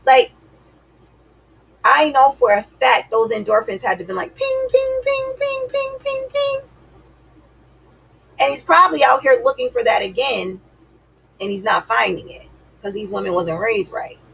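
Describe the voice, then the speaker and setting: A woman gives dating advice straight to her viewers in a sassy, emphatic, chatty way. Her voice has a gravelly fry and a husky edge. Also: fairly high pitch, moderate pace, fairly bright tone, poor audio. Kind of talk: casual advice talk to camera.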